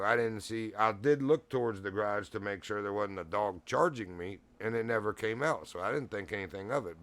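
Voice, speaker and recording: A streamer from Virginia tells a rambling, profane story in casual chat, laughing often and growing heated as he goes. His voice is lowish with a fairly bright tone.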